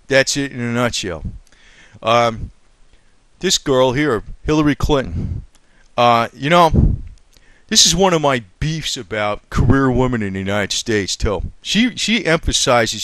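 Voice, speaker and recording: A man's voice: medium pitch, a bit bright, no room sound. Blunt, heated man ranting into a dry mic. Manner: blunt, crude and heated, with frequent fillers. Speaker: political commentator. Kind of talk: casual off-the-cuff video rant.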